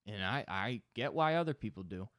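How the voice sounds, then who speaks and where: A young man hosting a solo podcast, rambling and joking with lots of swearing and quick mock voices. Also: fairly low pitch, expressive, a bit bright, no echo, clean studio sound. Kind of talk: casual solo podcast rant.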